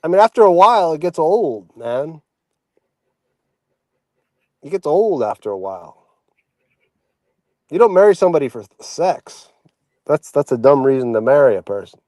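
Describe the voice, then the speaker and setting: Guy rambling his opinions on a stream, kinda high voice, lots of uhs. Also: big pitch swings, moderate pace, long pauses, dark tone, no room sound. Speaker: regular guest. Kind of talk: casual livestream chat.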